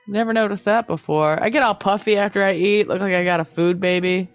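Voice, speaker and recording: A woman co-hosting a casual podcast, excitable and quick to tease and joke. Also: mid-range voice, dry recording, dull audio, faint music behind. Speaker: podcast co-host. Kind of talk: casual chat.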